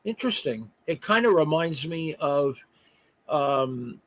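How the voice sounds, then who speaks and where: A man whose voice sits on the high side talks slowly and expressively as a guest on a live stream. An artist and voice actor, he chats casually in interview style, full of "uh" fillers and restarts. He's coming through a remote live stream call, and the recording is rough.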